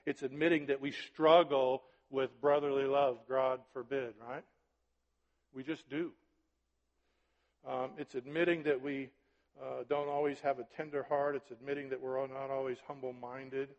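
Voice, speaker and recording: With a darkish, mid-range voice that stays fairly level at normal speed, a man preaches conversationally as pastor. He keeps checking on his audience with "right?" and "are you with me?", recorded dully with a long hall echo.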